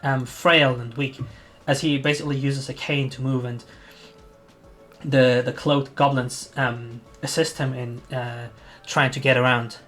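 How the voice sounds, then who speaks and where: Soft music plays behind a man narrating a tabletop game as game master in an unhurried, flat delivery. His mid-range voice has a fairly bright tone, and he rambles with fillers while searching for words.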